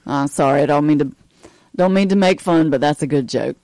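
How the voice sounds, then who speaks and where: A male radio co-host fires back short quips and laughs along with the host. His voice sits a bit high and sounds close and dry. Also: darkish tone, no echo. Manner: quick reactive quips and chuckles. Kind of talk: talk show banter.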